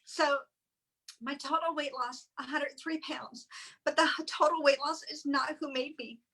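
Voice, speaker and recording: A woman sharing an emotional personal testimonial in halting, tearful speech with many restarts. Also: sits high, fairly even intonation, a bit bright, rough recording. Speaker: guest sharing weight-loss story.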